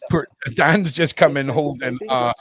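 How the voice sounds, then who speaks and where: A man's voice: medium pitch, unhurried, crowd noise. A man hosting a casual livestream podcast from his home desk, rambling and chatting with viewers by name.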